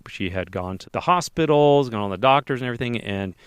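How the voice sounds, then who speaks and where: A man co-hosting a podcast, telling a lively personal anecdote in a casual way. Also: medium pitch, fast talker, clean tone, no echo. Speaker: podcast co-host telling a story. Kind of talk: casual storytelling.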